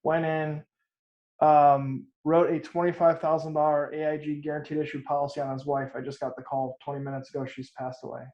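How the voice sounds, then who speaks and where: A man's voice: fairly high pitch, little pitch movement, fairly quick. A man, an insurance agent, telling an earnest story about a client in a casual team meeting on a video call. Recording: echoey dull call audio.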